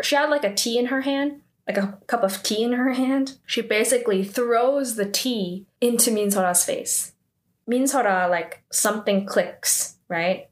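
Woman drama recapper, chatty and filler-heavy, prone to indignant asides, mid-range voice. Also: mid-range voice. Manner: jumps into indignant commentary on characters.

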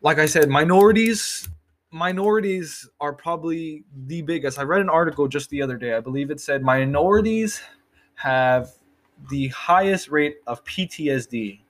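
A man's voice: a little high, normal speed. A young man in a casual, rambling monologue, swearing often and repeating himself as he talks.

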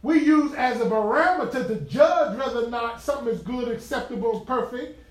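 A man's voice: very high-pitched, a little fast. A man preaching a conversational sermon, emphatic and humorous, telling stories about his own daily life. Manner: animated, humorous, emphatic storytelling. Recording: echoey room from far off.

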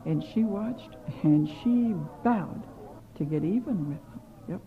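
A woman telling a children's story in an animated way, with chatty asides to the kids. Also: lowish voice, takes it slowly. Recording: slightly muffled with faint hiss.

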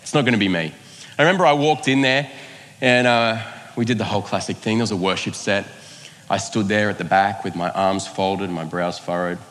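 A fairly low-pitched man preaching, mixing a personal story with the sermon's point. His delivery is casual and self-mocking, with quick asides and acted-out quotes. The voice carries a long reverb, as from a church hall. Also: fairly bright tone. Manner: conversational, self-mocking, acts out quoted lines. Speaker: pastor.

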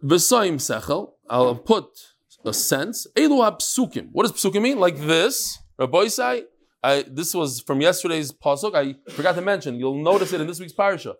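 A man's voice: on the high side, big pitch swings, normal speed. A man teaching a casual study-group class, chanting lines and then explaining them with restarts and joking asides. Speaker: Talmud teacher.

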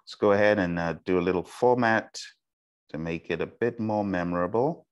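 A man teaching an exam prep lesson, talking slowly on purpose and often checking in with "okay?" and "all right?". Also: low-pitched, smooth. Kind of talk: recorded online lecture.

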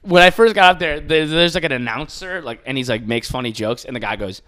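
Animated joking man with a bright voice. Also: a little high, a little fast. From New York. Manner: animated, swearing, mimics hecklers in loud voices. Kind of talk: casual comedic storytelling.

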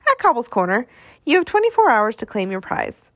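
A woman's voice: fairly high pitch, big pitch swings, fairly quick, dry recording, studio quality, voice pushed up. A woman doing an easygoing, persuasive boy. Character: calm clever boy, friendly and easygoing.

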